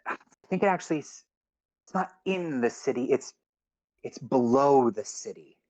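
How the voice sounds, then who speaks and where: A woman's voice: extremely low pitch, moderate pace, darkish tone. Stella, an eager stammering scholar, put on by a man. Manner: stammering, eager thinking aloud. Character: quick-witted woman scholar, excitable.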